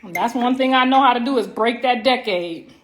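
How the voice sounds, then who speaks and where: A middle-aged woman with a high voice hosts a livestream from home, brash, profane and teasing as she talks straight to her viewers. She stretches words out for emphasis, and dishes and cutlery clink faintly behind her. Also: fairly quick, background noise. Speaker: livestream host. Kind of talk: casual livestream chat. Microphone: phone livestream.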